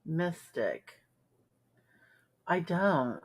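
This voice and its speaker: A woman's voice: fairly low pitch, big pitch swings, extremely slow, breathy edge. A woman hosting a live stream, chatting casually and bluntly with viewers, sarcastic and full of ums. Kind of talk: casual chat reacting to viewer comments.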